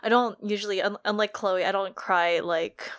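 A woman's voice: medium pitch, steady tone, normal speed, a bit bright. A woman co-hosting a casual book podcast, giggly and emotional, using lots of filler likes. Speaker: podcast co-host.

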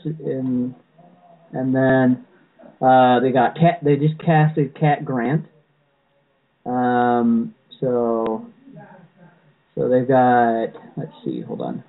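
A man's voice: mid-range voice, very slow, creaky, long pauses. Man, casual podcast chat, rambling with restarts, narrow phone-like sound. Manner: rambling, many restarts and "you know"s.

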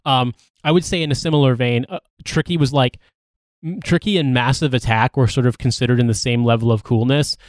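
A man co-hosting a podcast, chatting casually in rapid, filler-heavy, profane banter. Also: medium pitch, fairly even intonation, no echo. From not from the US, living there. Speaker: podcast co-host. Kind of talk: casual chat.

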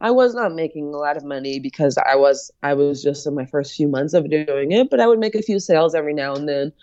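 An American woman tells a winding personal story over a video call, with a fairly low voice. She talks casually, jumping into the voices of people she quotes. The sound is dry and a little dull. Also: fast talker, no echo. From United States. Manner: animated storyteller, acts out quoted voices, many fillers and laughs. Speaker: guest, fiber artist.

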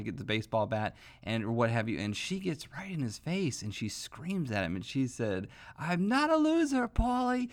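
A man giving a conversational Bible teaching, earnest, often pausing with fillers and restarting his sentences. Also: medium pitch.

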